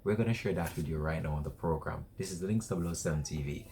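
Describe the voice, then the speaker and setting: A man's voice: deep voice, quick pace, creaky, mellow. A man presenting an entertainment news show in an announcer-like way, repeating the show's name.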